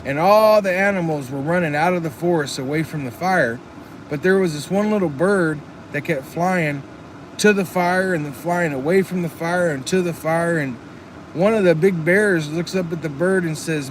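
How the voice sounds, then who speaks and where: A man's voice: on the high side, normal speed, slight background noise. A man chatting casually on a live stream, earnest and rambling, reading chat comments aloud. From Texas.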